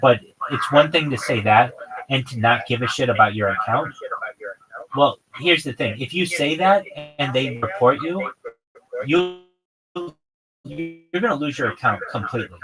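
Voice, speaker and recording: A man's voice: mid-range voice, expressive, a little slow, long pauses, poor audio. A man live streaming, talking casually in a profane, rambling, exasperated rant. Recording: crowd chatter in background.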